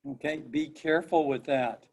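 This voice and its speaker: A man's voice: a little high, moderate pace, a little mellow. A middle-aged man, a professor, giving an online class lecture in a conversational way, repeating himself and quizzing his students.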